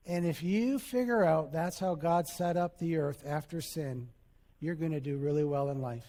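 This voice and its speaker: A male pastor preaching a sermon, animated, acting out little scenes and quotes as he goes. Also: a little high, moderate pace, big-room sound.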